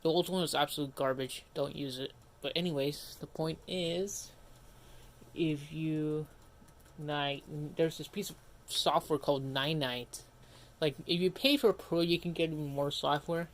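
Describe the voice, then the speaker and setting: A man's voice: a little high, fairly even intonation, a little slow. A man streaming live and chatting casually as he works, rambling, breaking off mid-sentence and grumbling to himself. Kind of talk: casual livestream commentary.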